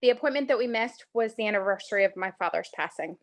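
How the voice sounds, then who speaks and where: A woman talking as a client in a casual chat, eager and halting, stumbling over her words. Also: mid-range voice, expressive. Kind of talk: casual conversation.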